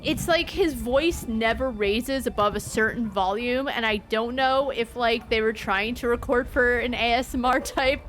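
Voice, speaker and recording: A woman's voice: a little high, normal speed, few pauses, fairly bright tone, faint music behind. A young woman streamer giving casual let's-play commentary, chatty and sarcastic, with frequent swearing.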